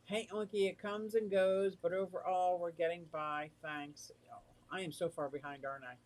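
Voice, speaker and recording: A chatty livestream host who reads viewer comments aloud and answers them, easily excited and warm. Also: medium pitch, moderate pace. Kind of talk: casual livestream chat.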